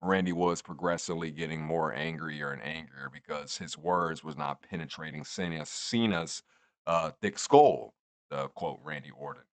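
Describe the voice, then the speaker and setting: A man's voice: a bass voice, moderate pace, no echo. A man in his twenties giving a rambling, profane, casual recap of a wrestling show. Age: 20s. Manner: rambling, profane, laid-back.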